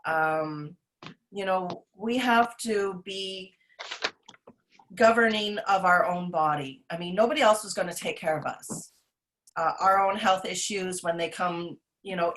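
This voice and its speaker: Middle-aged woman nutritionist, lower-pitched, casual podcast chat, earnest and rambling with lots of fillers. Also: a little slow, a bit bright, a little hiss or hum. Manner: rambling and earnest, self-described rant; frequent fillers and restarts.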